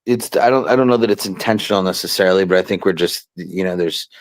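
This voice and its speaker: Deep-voiced man, halting podcast talk. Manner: relaxed, halting, many fillers and restarts. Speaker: wrestling promoter, show regular. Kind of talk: casual podcast chat.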